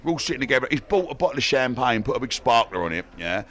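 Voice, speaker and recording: A man telling an excitable story in casual chat, repeating himself as he goes. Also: mid-range voice, fast talker.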